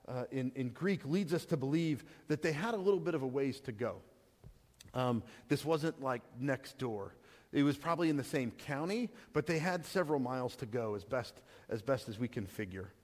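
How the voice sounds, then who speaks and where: A man's voice: mid-range voice, long reverb tail. A man preaching a sermon in a conversational way, with restarts and rhetorical questions to the congregation. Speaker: pastor.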